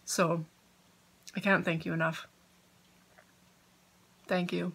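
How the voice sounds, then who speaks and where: A woman's voice: fairly low pitch, little pitch movement, slow pace, vocal fry, long pauses, fairly bright tone, slightly rough. A woman hosting a podcast from home, chatting casually and giggling as she gets sidetracked. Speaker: podcast host. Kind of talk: casual chat.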